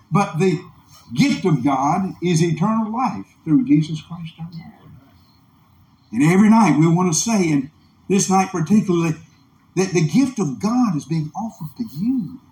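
A man's voice: on the high side, a little mellow. A man preaching a revival sermon in a church, impassioned, with a rising and falling preaching cadence. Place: church meeting room. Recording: echoey room.

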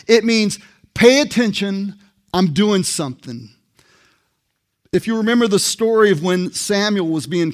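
A man preaching a sermon as pastor, in a conversational way, reading scripture and asking the congregation questions. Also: high voice.

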